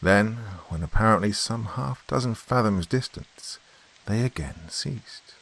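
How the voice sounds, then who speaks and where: A man hosting a horror podcast, reading a classic tale in a measured, suspenseful way. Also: on the low side, lively intonation, creaky, a bit bright. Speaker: horror story podcast host. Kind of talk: dramatic story reading.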